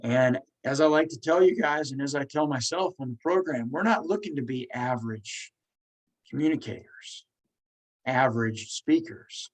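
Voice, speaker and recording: A man's voice: mid-range voice, animated, moderate pace, poor audio. A man hosting a podcast, talking casually and encouragingly while he stutters, repeating words and restarting. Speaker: podcast host.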